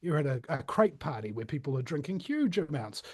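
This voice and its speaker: A man's voice: on the high side, big pitch swings, brisk, husky, dry recording. Kiwi guy rambling on a podcast, lots of uhs, super dry close sound. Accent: New Zealand. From New Zealand. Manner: rambling, many fillers and restarts. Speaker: podcast host. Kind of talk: casual interview chat.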